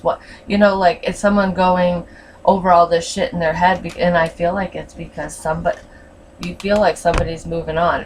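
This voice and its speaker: Frank tarot reader, a woman with a lowish voice, a bit off-mic with faint hiss. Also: level tone, fairly quick, recorded from a distance, rough recording. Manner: blunt and frank, swears freely. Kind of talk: casual tarot reading.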